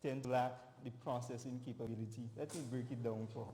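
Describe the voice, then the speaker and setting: A young man with a Grenadian accent giving a formal, emphatic parliamentary debate speech as an opposition member, stressing his words deliberately. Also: medium pitch, fairly even intonation, dark tone, a little hiss or hum. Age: young adult. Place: large parliament chamber. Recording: echoey chamber with long reverb.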